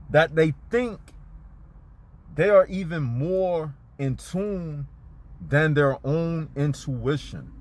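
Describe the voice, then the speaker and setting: A man in a parked car giving a casual spiritual talk to his viewers, laid-back and slangy, speaking straight to them. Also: fairly high pitch. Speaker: spiritual vlogger.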